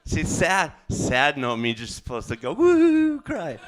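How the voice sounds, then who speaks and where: A man doing a stand-up comedy set, rambling and halting, with fillers and self-corrections. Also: mid-range voice, expressive, sharp tone.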